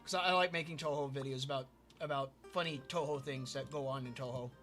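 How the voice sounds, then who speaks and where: A man's voice: medium pitch, steady tone, fast, a bit bright, soft background music. A man streaming a building game and telling a rambling story, often repeating himself and tripping over his words. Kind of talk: casual storytelling while gaming.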